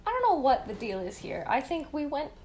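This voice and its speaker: A young woman with a fairly high voice co-hosts a podcast in loose casual chat. She laughs often and drops the odd swear word. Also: very animated, a little fast, a little mellow, a little hiss or hum. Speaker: podcast co-host.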